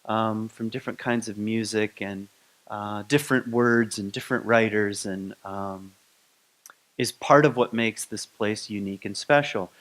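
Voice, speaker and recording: Relaxed rambling man giving a talk. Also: fairly low pitch, measured pace. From Grand Rapids, Michigan. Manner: relaxed and rambling, many ums and restarts. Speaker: speaker at a spiritual community. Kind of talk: conversational sermon.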